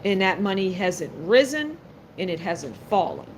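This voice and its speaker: A woman's voice: medium pitch, big pitch swings, a little slow, slight background noise. A woman doing a live-stream tarot reading. She is blunt and sassy and speaks straight to her viewers. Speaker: tarot card reader.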